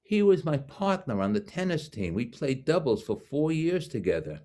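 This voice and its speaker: A kindly older army draft doctor with a thick New York accent, put on by a deep-voiced storyteller. He talks in a raised, eager voice, well above the teller's own low register. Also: very animated, normal speed, mellow, lightly acted.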